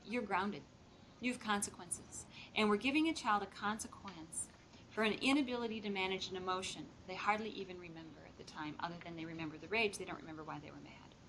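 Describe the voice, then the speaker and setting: Lively woman lecturing foster parents. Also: medium pitch, quick pace, a little hiss or hum. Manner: lively, acts out quoted voices. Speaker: speaker training foster parents.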